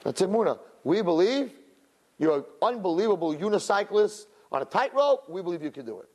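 A man teaching a religious lesson through a story, talking in an animated way with many "you know" and "right?" asides. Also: fairly quick. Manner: acts out crowd voices in high, loud bursts.

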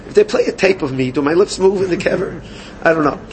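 A man teaching a Gemara class, animated and questioning his students. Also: on the high side, fast, a little hiss or hum. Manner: animated, questioning students, mixes Yiddish and Hebrew terms. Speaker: Talmud teacher.

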